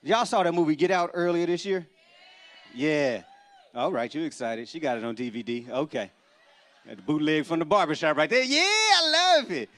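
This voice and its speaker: A man, doing a stand-up comedy set on a church stage before a live audience, telling stories in an animated, punchy way with sudden loud bursts. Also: on the high side, brisk.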